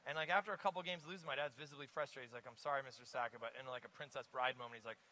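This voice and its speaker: Bright-voiced man telling stories onstage. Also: medium pitch, rapid-fire, rough recording. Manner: lively anecdotal storyteller. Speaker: investor guest. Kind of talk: onstage conference interview. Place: conference stage.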